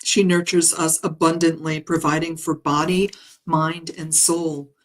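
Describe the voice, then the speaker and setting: A woman reading out a spiritual healing message, her voice sitting low for a woman. She speaks slowly and gently, pausing often and filling the gaps with soft ums. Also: little pitch movement, poor audio. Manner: gentle, halting, with frequent ums and soft laughs. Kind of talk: guided meditation message reading. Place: home live stream.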